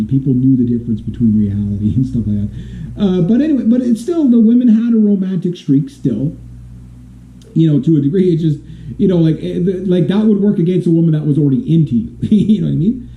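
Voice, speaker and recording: A man's voice: fairly high pitch, big pitch swings, a little fast. Casual middle-aged man vlogger from Canada, rambling and chuckly; phone-like sound. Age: 40s. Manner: rambling, laughs often, many restarts. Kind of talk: casual opinion monologue. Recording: tinny echoey lo-fi audio.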